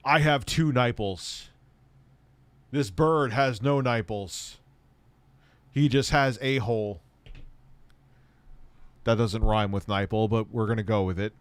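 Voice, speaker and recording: A man's voice: mid-range voice, slow pace, pauses often, no room sound. A young man chatting casually on a stream, joking, swearing and bantering with his pet bird. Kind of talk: casual livestream chat.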